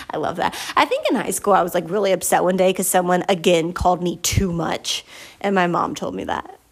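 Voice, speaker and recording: A woman hosting a faith-based podcast, speaking with earnest emotion and chatty warmth, building her points through emphatic repetition. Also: lowish voice, vocal fry, slightly rough. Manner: casual and chatty, with fillers and quick laughs. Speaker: podcast host. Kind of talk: faith-based motivational monologue.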